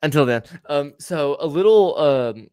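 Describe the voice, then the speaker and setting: A man's voice: on the high side, lively intonation, a little slow, a little mellow, smooth, no echo, clean studio sound. A man hosting a podcast, chatting casually with a stutter, lots of swearing and easy laughter. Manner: stuttering, profane, laughs easily. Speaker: podcast host.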